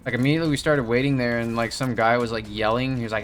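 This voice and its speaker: A man's voice: mid-range voice, fairly even intonation, very fast, hardly any pauses. Young male host telling a rambling story mid-game, salty language, faint music behind. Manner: rambling, swears a lot, laughs often. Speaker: gaming video host. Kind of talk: casual chat while playing a game.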